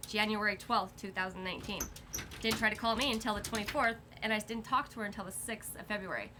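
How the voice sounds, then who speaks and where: A woman's voice: mid-range voice, fast talker, sharp tone, a little hiss or hum. A woman telling her family's story in a casual conversation, indignant and rattling off dates and events.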